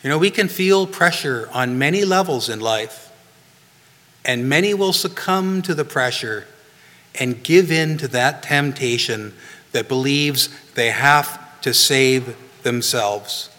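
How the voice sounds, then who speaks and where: A man's voice: medium pitch, slow, sharp tone. A male pastor giving a sermon in a conversational way, often adding "you know" and "right?" to what he says. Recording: long reverb of a hall.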